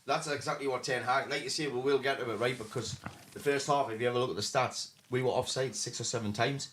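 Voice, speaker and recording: A man's voice: medium pitch, fairly even intonation, fast, fairly bright tone, slight background noise. A man co-hosting a casual football podcast, chatting and reading out viewer comments. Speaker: podcast co-host.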